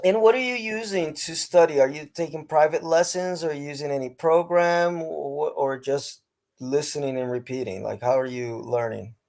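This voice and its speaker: A man's voice: on the high side, normal speed, creaky, a little mellow. A man with a Northeast American accent, hosting a casual interview and chatting straight to his viewers. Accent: Northeast American (Philadelphia/New York). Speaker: host and English teacher.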